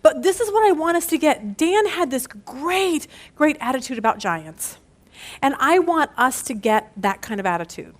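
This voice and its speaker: A woman with a notably high voice teaches a women's Bible study. She talks in a casual, conversational way and tells her stories with lively animation, often breaking into laughter at them. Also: normal speed.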